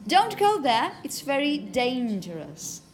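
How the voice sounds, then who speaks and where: High-voiced woman teaching pronunciation. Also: big pitch swings, a crowd in the background. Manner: repeats words slowly to model pronunciation; asks "okay?" often to check understanding. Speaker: phonetics teacher. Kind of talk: classroom lecture. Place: classroom.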